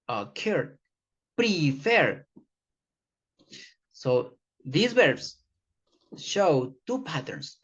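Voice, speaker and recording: An English teacher walks through a grammar lesson at an unhurried, careful pace, repeating each example for the class. The sound is muffled and lo-fi. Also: mid-range voice. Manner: repeats words slowly for learners, addresses class as guys. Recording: dull lo-fi recording.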